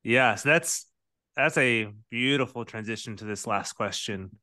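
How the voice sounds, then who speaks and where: A man with a bright, forceful voice leads an interview, reacting quickly and cheerfully to his guest. The sound is dry and close, with no room echo at all. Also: mid-range voice. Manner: laughs easily, quick affirmations. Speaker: podcast host. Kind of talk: interview questions and backchannel.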